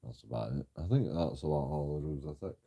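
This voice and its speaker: A man's voice: rumbling low, animated, fast, gravelly, warm tone, husky. A man telling a story in a casual vlog, rambling and mocking, swearing freely and chuckling often. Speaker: channel host.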